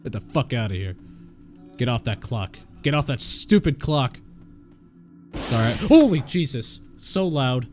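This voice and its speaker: A young man giving excitable live gameplay commentary, swearing and laughing as he reacts. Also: mid-range voice, unhurried, long pauses, soft background music. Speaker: streamer.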